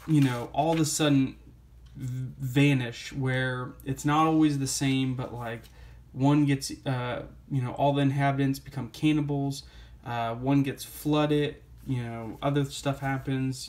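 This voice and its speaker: A man's voice: medium pitch, a little hiss or hum. A man reviewing a comic book in a casual vlog, rambling and wry, full of fillers and restarts.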